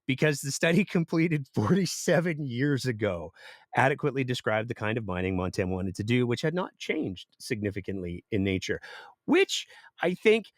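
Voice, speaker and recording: A man's voice: medium pitch, very animated, moderate pace, no echo, clean studio sound. A man hosting a political commentary podcast, reading news excerpts aloud and adding sarcastic remarks. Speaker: podcast host.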